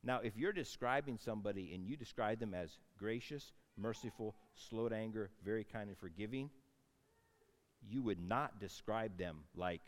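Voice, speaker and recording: A man preaching a sermon, telling a Bible story with animated swings between loud outbursts and hushed asides. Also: fairly low pitch, normal speed, long reverb tail. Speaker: pastor.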